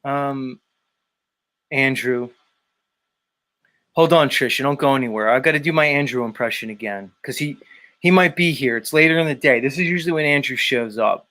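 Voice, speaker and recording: A man's voice: mid-range voice, moderate pace, pauses often, bright, forceful tone. A man hosting a show, ranting casually with mocking, profane remarks. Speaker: show host.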